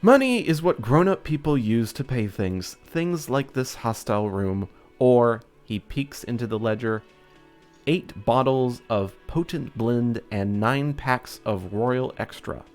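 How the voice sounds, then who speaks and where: A man's voice: mid-range voice, expressive, a little slow, a little mellow, faint music behind, lightly acted. A man voicing an irritable middle-aged male cafeteria manager who speaks with sarcastic exasperation. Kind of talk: reading game dialogue aloud.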